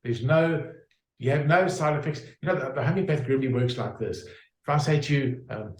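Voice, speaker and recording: A man's voice: medium pitch, a little fast, echoey room, rough recording. A man explaining his homeopathic practice in an interview, using homely examples with frequent fillers and restarts. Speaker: homeopath guest.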